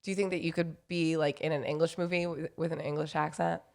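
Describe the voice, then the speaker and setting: A woman's voice: sits low, steady tone, fast, darkish tone. Teasing, laughing young woman podcaster. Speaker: podcast co-host. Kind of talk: casual chat.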